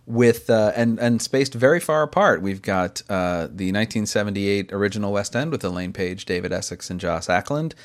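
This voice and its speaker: A man hosting a podcast in casual chat, enthusiastic and quick to laugh, rambling through his points. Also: fairly low pitch, lively intonation. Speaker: podcast host.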